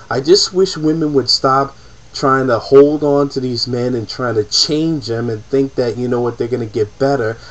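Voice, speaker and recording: An emotional man delivers a profane, repetitive rant straight to camera in an ordinary mid-pitched voice. The audio is dull and lo-fi, like a cheap webcam mic. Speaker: vlogger. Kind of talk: impassioned personal rant to camera.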